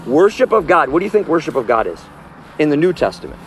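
On a city street, a man preaches outdoors with emphatic, forceful energy, his voice climbing high as he exhorts. He speaks fast in a sing-song way.

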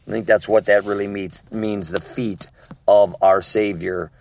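A man's voice: fairly low pitch, steady tone, unhurried, darkish tone. A man preaching a sermon in an emphatic teaching manner, repeating key words and often checking in with his listeners. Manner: emphatic, repetitive teaching with frequent check-ins.

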